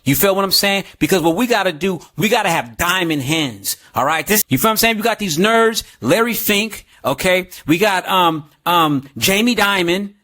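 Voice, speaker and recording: A man's voice: sits high, expressive, normal speed, hardly any pauses, bright, forceful tone. A man hosting a video channel, ranting heatedly in slang with plenty of swearing and constant "you feel me" checks. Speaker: crypto video host. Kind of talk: ranting commentary.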